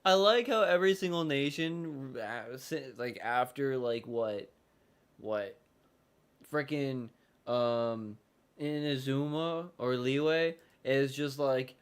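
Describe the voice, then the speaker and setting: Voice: mid-range voice, takes it slowly, clear, resonant tone. A streamer chatting loosely over gameplay, rambling, swearing casually and trailing off mid-thought.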